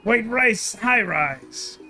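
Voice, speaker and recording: A man voicing a gruff male carnival ticket seller who answers in rhyming slang, on a game stream. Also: high-pitched, animated, drawn-out words, bright, forceful tone, soft background music, full character voice. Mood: mocking. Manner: rhymes every reply.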